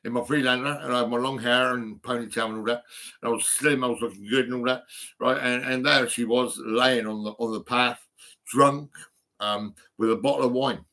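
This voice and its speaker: A man talks into his phone, rambling and restarting between ums. His voice is bright and forward, and he chuckles at his own stories as he goes. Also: mid-range voice, fairly even intonation, fairly quick. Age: 50s. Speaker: vlogger. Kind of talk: rambling personal monologue.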